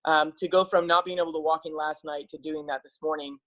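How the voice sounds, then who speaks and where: A man's voice: a little high, little pitch movement, fast, a bit bright, low-quality recording. A man speaking casually and eagerly to his viewers as a health practitioner, upbeat and persuasive, with frequent fillers. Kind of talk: casual enthusiastic talk to camera.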